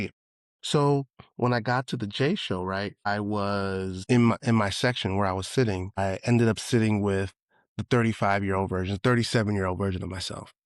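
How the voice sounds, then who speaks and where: A man in his forties from Brooklyn speaks with a New York accent in a low, easygoing voice. He rambles through a personal story and jumps up in pitch when he acts out what other people said. The recording is dry and close, with no room sound. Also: no room sound. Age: 40s. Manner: loose, conversational, acts out quotes with excited higher voice. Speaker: podcast host. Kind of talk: reflective casual storytelling.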